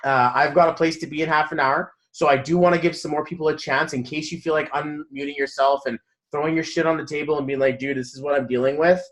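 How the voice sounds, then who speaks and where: A man's voice: a little high, fairly even intonation, quick pace. A man in his thirties, a numerology coach giving a motivational talk to a group on a video call, telling stories animatedly and laughing mid-sentence. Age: 30s.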